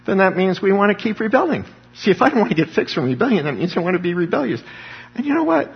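Male pastor, husky, conversational sermon with voiced quotes, dull lo-fi hall recording. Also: fairly high pitch. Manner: conversational preaching, acting out quoted speakers. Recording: dull lo-fi sound with long hall reverb.

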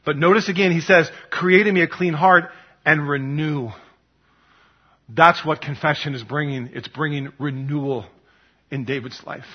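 Husky-voiced man preaching a sermon. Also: fairly high pitch, moderate pace, dull audio. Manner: earnest preaching, repeats phrases, drops soft on key words. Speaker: pastor.

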